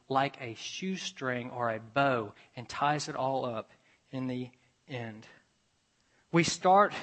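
A man preaching a sermon as a pastor, telling a personal story with animated shifts between loud emphasis and hushed asides. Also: fairly high pitch.

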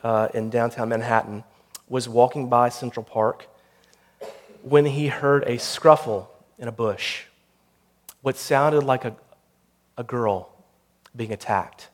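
A man, the pastor, delivering a sermon that builds to intense storytelling and closes in a quiet prayer. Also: mid-range voice, takes it slowly, long pauses.

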